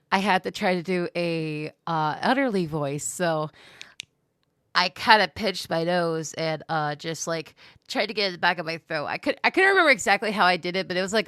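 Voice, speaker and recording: A woman's voice: on the low side, a bit bright, smooth, no echo, clean studio sound. A woman, a voice actor, answering interview questions in a chatty, giggly way.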